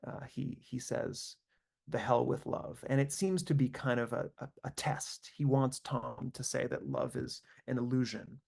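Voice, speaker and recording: A man with a mid-range voice that often settles into a gravelly fry. He lectures as a composer over a video call and thinks aloud, circling back with fillers and restarts as he works through his ideas. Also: medium pitch, fairly even intonation, moderate pace, few pauses, a little mellow. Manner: thoughtful, searching, with frequent fillers and restarts. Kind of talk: online lecture. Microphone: computer mic on a video call.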